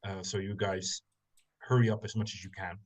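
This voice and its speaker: A man narrating a tabletop game as game master, in slow, halting narration with many fillers. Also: low-pitched, level tone.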